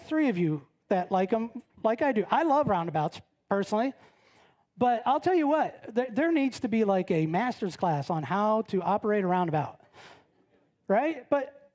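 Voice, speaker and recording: A middle-aged woman pastor delivering a conversational sermon, telling stories with frequent tag questions and acting out the voices of the people in them. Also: mellow. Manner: chatty storytelling, frequent "right?" tag questions; acts out quoted voices with big pitch jumps. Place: church sanctuary.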